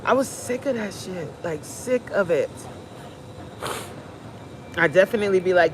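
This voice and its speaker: A woman's voice: on the low side, measured pace, long pauses, a little hiss or hum. A fitness coach, a woman, giving a blunt, preachy, joking pep talk on a live stream.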